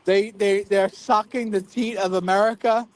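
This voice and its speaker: A man's voice: sits high, steady tone, moderate pace, no echo. A man calling in who rants crudely and emphatically, repeating his phrases. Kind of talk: heated live-stream debate.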